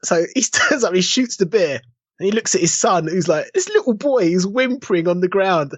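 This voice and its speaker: A man's voice: sits high, animated, normal speed, no room sound. A man co-hosting a podcast, chatting casually and acting out quotes in different voices. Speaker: podcast co-host. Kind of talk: casual chat. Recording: dull lo-fi dry sound.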